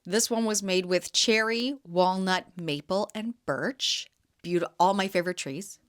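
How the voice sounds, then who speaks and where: A woman in her thirties from Canada, hosting a podcast and telling a chatty story with quick laughs. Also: mid-range voice. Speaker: podcast host and jam vendor. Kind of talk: casual storytelling.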